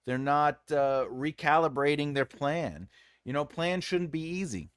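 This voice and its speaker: A man hosting a casual livestream, teaching fiction writing in an animated, jokey way that sometimes trails off into mumbles. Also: on the high side, measured pace, clean tone, dry recording, studio quality. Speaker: writing coach and livestream host.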